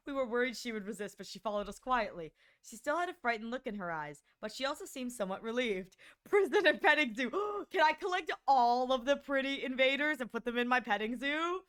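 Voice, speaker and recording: A woman streamer chatting casually over her gameplay, giggly and animated, often slipping into silly voices. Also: high-pitched, brisk, hardly any pauses.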